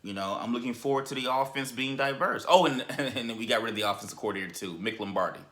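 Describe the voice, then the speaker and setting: Male sports fan vlogger, emphatic casual rant, bright forceful tone. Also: mid-range voice, quick pace. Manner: animated and emphatic, repeats and restarts words.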